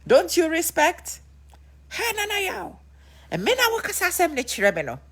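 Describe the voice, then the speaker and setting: A woman's voice: extremely high pitch, wildly swooping pitch, voice pushed up, exaggerated voice. Woman doing a drawling, lofty male singer. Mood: lofty amused. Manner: drawn-out, mock-grand inflection.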